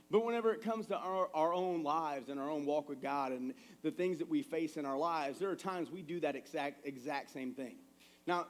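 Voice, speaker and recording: A man in his thirties preaching a sermon in a church, telling family stories in a conversational, animated way. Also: on the high side. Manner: conversational, animated storytelling with acted quotes. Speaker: pastor. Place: church sanctuary.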